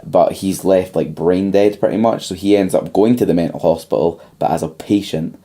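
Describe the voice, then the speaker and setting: A man's voice: deep voice, moderate pace, dark tone. A young man co-hosting a casual podcast, retelling a film plot at length with lots of ums. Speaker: podcast co-host.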